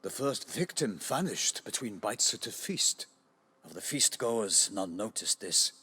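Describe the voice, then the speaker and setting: An actor playing a solemn, duty-bound knight in a video game, speaking formal, archaic lines in a measured way. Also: male voice, fairly low pitch, sing-song, pushed and bright, husky, exaggerated voice. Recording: long reverb.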